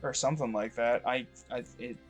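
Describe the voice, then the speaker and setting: A man's voice: mid-range voice, steady tone, brisk, husky, faint music behind. Rambling, profane man narrating gameplay. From Michigan. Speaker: gameplay commentator. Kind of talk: casual let's-play commentary. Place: rural home.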